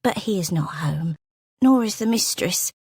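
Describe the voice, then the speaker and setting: A woman voicing a timid, frail elderly housekeeper who speaks softly and apologetically. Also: on the low side, animated, unhurried, breathy edge, no echo, studio quality, heavily acted.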